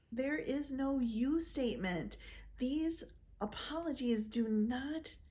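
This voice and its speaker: A woman presenting a scripted educational talk to camera, explaining clearly and measuredly, now and then voicing example quotes. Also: on the high side, darkish tone. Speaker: physician and narcissistic abuse educator.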